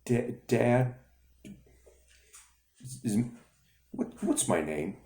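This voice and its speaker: A man's voice: mid-range voice, wildly swooping pitch, dark tone, pitched above the performer's own voice, heavily acted. A man doing a shy stuttering little boy. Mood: anxious. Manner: halting stutter. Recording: echoey room.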